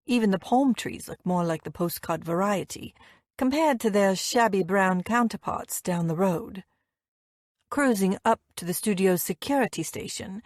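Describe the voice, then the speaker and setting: A woman reading a first-person romance audiobook with lively, wry storytelling. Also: mid-range voice, dry recording, studio quality. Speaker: audiobook narrator.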